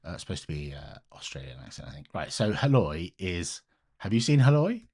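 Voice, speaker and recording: Low-voiced British man chatting while coding. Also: very animated, brisk, a little mellow, husky. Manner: rambling, self-interrupting, chatty with viewers. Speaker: live-streaming open source maintainer. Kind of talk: casual live-stream chat while coding.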